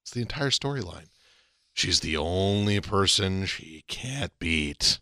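A man's voice: deep voice, expressive, a little slow, sharp tone, dry recording, clean studio sound. A man co-hosting a podcast, chatting casually and animatedly, his voice climbing to emphatic peaks. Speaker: podcast co-host. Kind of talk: casual wrestling chat.

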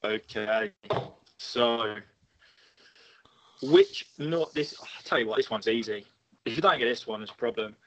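A man's voice: medium pitch, sing-song, fairly bright tone. Man reading quiz questions, muffled line. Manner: reads questions out slowly and deliberately. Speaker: quiz presenter. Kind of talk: pub quiz hosting over a call.

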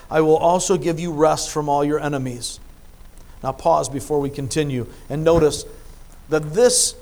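A man preaching a sermon, reading scripture and explaining it, with emphatic swings between soft asides and loud stressed phrases. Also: fairly high pitch. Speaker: pastor.

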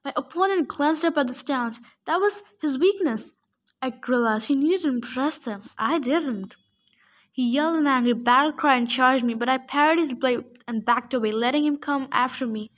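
Woman, high voice, reading aloud, steady, stumbles sometimes. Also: normal speed. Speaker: reader.

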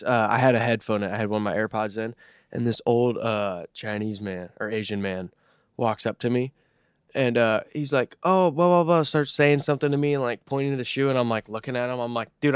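Smooth-voiced young man telling stories. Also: mid-range voice, fairly even intonation, a little fast, no echo, studio quality. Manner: rambling storytelling, heavy swearing, lots of fillers. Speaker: podcast co-host. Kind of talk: casual chat.

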